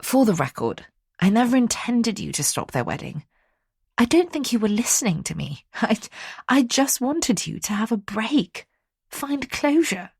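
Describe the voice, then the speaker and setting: Fretful mum, middle-aged, worried and scolding, as voiced by a woman narrator; husky and dry. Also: a little high, sing-song, a little slow, a little mellow, no room sound, voice pushed up, heavily acted. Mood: anxious, fretful. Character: anxious fretting middle-aged mother.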